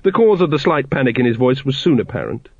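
Man reading a story, wry and measured. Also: mid-range voice, big pitch swings, no echo. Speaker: audiobook narrator. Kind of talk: scripted storybook narration. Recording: dry, slightly dull studio recording.

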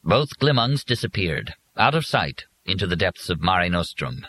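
A man narrating an audiobook with an expressive reading. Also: sits low, normal speed, a little hiss or hum, rough recording.

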